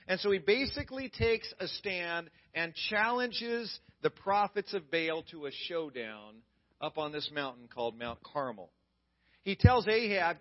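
A man preaching a sermon as a pastor, retelling a story dramatically and swinging from loud to hushed. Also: high voice, expressive, normal speed, highs cut off.

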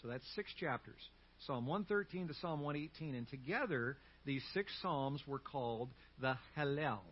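A man's voice: mid-range voice, lively intonation, normal speed, breathy edge, highs cut off. A male pastor preaching a sermon with animation and leading the congregation in call-and-response. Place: church sanctuary.

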